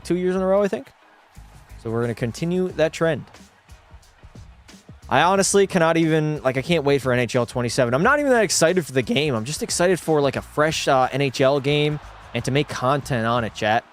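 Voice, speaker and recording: A young man streaming a hockey video game, chatting with his viewers and breaking into profane, shouted rants. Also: fairly high pitch. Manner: profane, talks to chat, erupts into shouting rants. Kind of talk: casual gaming livestream commentary.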